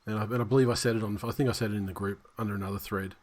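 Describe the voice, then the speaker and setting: A man's voice: fairly low pitch, fairly even intonation, racing. A man co-hosting a sports podcast, bluntly ranting and reading team lists. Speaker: podcast co-host. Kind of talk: casual sports chat.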